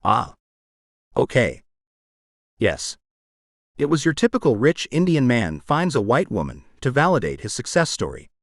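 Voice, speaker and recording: A man's voice: medium pitch, sing-song, unhurried, long pauses, no room sound, clean studio sound. A man voicing a guarded, grieving young male heir who speaks in terse, formal phrases in an audiobook. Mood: subdued. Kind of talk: audiobook character voice.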